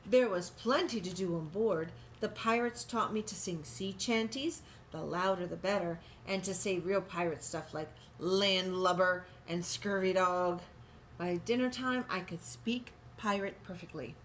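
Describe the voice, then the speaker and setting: A woman reading a children's picture book aloud, adding gentle asides for young listeners. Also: medium pitch, animated, normal speed, slight background noise. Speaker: storybook reader.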